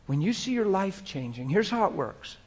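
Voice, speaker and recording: A man preaching a sermon to a congregation in a conversational way, moving between quiet prayerful passages and playful, laughing stories. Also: sits high, sing-song, moderate pace, husky. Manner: conversational, shifts into soft spoken prayer and playful storytelling. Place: church room before a congregation.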